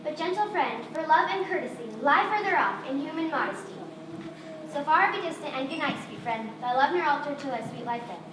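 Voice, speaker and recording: A woman's voice: high voice, expressive, fairly quick, background noise. A woman acting on stage as a modest young woman in love, speaking earnest declaimed verse. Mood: tender. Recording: distant echoey stage recording with ambience.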